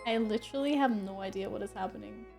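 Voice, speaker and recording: A woman game streamer chatting casually with her viewers, giggling and exclaiming as she thanks them in quick bursts. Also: mid-range voice, music in the background. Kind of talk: casual live-stream chat.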